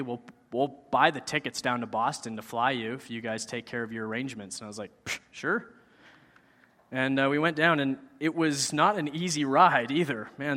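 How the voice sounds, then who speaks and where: A man's voice: medium pitch, pushed and bright. A man telling a personal faith testimony in a casual, conversational way, acting out his own quoted lines. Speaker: speaker sharing a personal testimony. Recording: long hall reverb.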